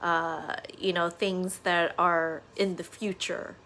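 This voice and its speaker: A woman's voice: lowish voice, little pitch movement, takes it slowly, sharp tone. Earnest woman in her thirties, casual reflective vlog, filler-heavy delivery, faint room hum. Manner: earnest, conversational, many fillers like "uh" and "you know". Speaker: vlogger. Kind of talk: casual reflective monologue to camera.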